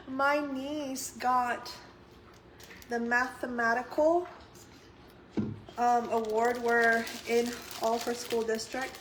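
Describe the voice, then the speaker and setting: A blunt young woman talks casually to her viewers, swearing freely and laughing often. Her voice sits a little high. The recording carries a clear layer of background noise. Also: steady tone, drawn-out words, pauses often, poor audio. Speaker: channel host, mother. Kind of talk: casual chat reacting to viewers.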